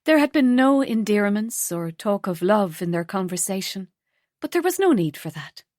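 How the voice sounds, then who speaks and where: A woman narrating an audiobook in an even, measured storytelling manner on a close studio mic. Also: medium pitch, no echo. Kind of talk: scripted narration.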